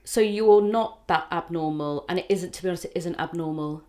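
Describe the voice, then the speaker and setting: A woman comedian chatting on a podcast, telling rambling, animated stories with swearing and acted-out quotes. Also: fairly low pitch, brisk. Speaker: comedian guest. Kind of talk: casual podcast chat.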